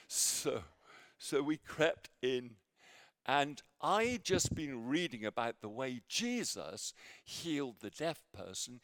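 A man preaching a sermon with a personal story, halting with many fillers and restarts, sometimes dropping to near a whisper. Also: a little high, no echo, studio quality. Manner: drops to near whisper in quiet moments.

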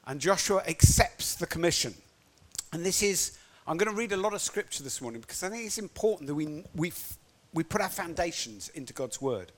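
A man preaching a sermon in an animated storytelling manner, acting out quotes as he goes. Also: fairly high pitch, brisk.

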